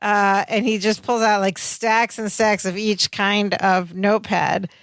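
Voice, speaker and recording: A woman's voice: medium pitch, level tone, measured pace, fairly bright tone, no echo. A woman co-hosting a podcast, recapping a sitcom episode in casual, chatty storytelling with lots of fillers. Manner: chatty storytelling, many "like" fillers, giggles often. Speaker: podcast co-host.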